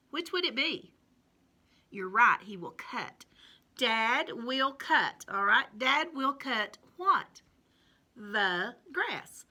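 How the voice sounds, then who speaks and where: A woman teaching a kindergarten phonics lesson, patient and encouraging, drawing out each sound slowly and clearly. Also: a little high, sharp tone. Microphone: recorded alone at home for distance learning.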